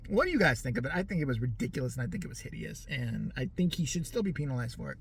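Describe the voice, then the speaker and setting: Animated, profane ranting vlogger. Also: mid-range voice, rapid-fire, gravelly, background noise. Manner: animated, profane, laughing often.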